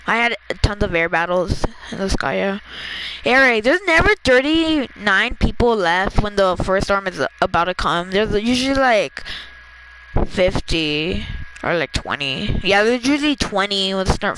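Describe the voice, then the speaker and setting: A gamer chatting casually during a match, excitable and quick to laugh, giving a teammate quick instructions. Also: medium pitch, noisy background. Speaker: gamer playing with a friend. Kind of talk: casual gameplay chat.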